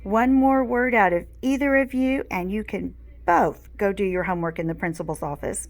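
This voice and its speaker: A woman's voice: lowish voice, fairly even intonation, brisk. A woman voicing a patient but firm female schoolteacher in a storybook read aloud, in an orderly classroom tone. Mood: firm teacherly.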